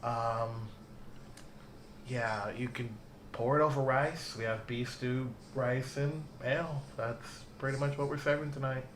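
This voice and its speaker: A man's voice: mid-range voice, fairly even intonation, unhurried, a bit bright, reverberant, slight background noise. A man narrating as game master, easygoing and rambling.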